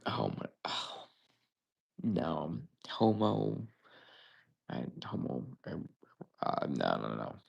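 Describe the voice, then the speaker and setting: A man's voice: very deep voice, very animated, slow pace, vocal fry, pauses often, breathy edge. A young man hosting a live trivia stream, thinking aloud in casual chat and often stammering and correcting himself.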